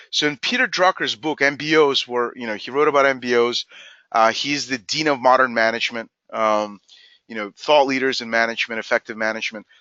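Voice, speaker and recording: Bright, emphatic man presenting a webinar. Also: medium pitch, no room sound, highs cut off. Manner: energetic, emphatic, acts out quoted dialogue. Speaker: company CEO presenting a webinar.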